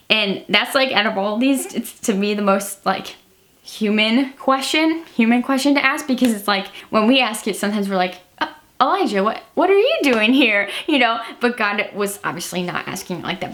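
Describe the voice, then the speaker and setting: A woman's voice: mid-range voice, fairly bright tone. A young woman with a Midwestern American accent, a teacher sharing Bible reflections in a chatty, rambling vlog talk. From Illinois. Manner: chatty, rambling, many "like" fillers. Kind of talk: casual devotional vlog talk.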